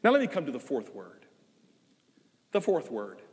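An older man preaching a sermon, earnest, swinging from loud emphasis to soft, drawn-out phrases. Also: mid-range voice, wildly swooping pitch, long reverb tail. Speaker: guest preacher. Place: church sanctuary.

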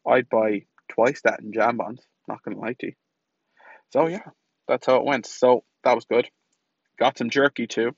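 A man's voice: mid-range voice, fairly even intonation, normal speed, husky, no room sound, lo-fi sound. A young man hosting a podcast, telling a casual, self-mocking, sweary story about his day. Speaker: podcast host. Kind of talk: casual diary-style monologue.

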